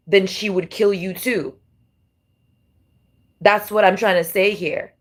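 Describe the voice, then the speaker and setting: A woman's voice: mid-range voice, moderate pace, long pauses. A woman doing a tarot reading who rambles in a casual, repetitive way and leans heavily on fillers. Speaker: tarot reader.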